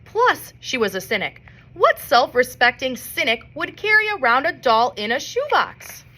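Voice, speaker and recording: A woman reading a children's novel aloud in an expressive storybook manner. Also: high-pitched, moderate pace. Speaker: reader.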